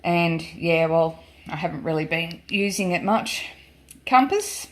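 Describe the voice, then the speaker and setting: A woman's voice: lowish voice, lively intonation, a little slow. An Australian woman vlogger chatting casually and emphatically through a product demonstration, with many ums. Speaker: gold prospecting vlogger.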